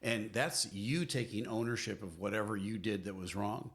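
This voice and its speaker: A middle-aged man co-hosts a podcast as a marriage counselor, offering earnest, emphatic, preacherly advice in conversational teaching. His voice is lowish and fairly bright, at a normal speed.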